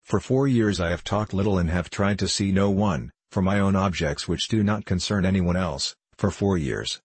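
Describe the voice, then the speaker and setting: A man reading as a proud, reclusive young man who speaks bluntly, hotly and rapidly. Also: low-pitched, husky, dry recording. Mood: heated.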